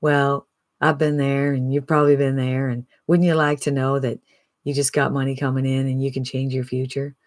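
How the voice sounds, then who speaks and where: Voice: medium pitch, level tone, moderate pace, dry recording, clean studio sound, lightly acted. Someone putting on an earnest Alabama man. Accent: Southern US. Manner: earnest, plain-spoken testimonial. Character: friendly simple man from southern Alabama.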